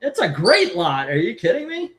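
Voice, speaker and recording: Chatty male auction host, slightly high voice, eager salesman patter. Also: moderate pace. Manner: chatty, excitable, pitching deals. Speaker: comic book auction host. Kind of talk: casual live-stream selling chat.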